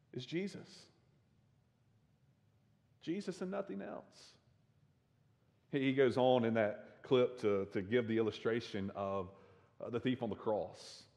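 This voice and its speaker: A man's voice: medium pitch, darkish tone, long reverb tail. A man with a Southern drawl preaching a sermon as pastor, earnest and building in force, with many restarts. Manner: earnest, repeats words when restarting, rises in force at climaxes.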